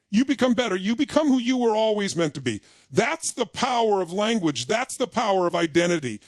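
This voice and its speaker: High-voiced man giving an emphatic pep talk. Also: dry recording. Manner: emphatic, punchy short declarations. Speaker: motivational speaker. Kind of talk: motivational speech.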